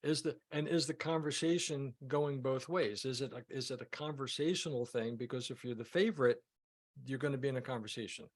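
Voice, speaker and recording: Man, sales coach, emphatic, repeats himself, mid-pitched voice. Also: fairly quick. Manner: emphatic, repeats words while teaching. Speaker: sales coach leading a mastermind group. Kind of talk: group coaching call.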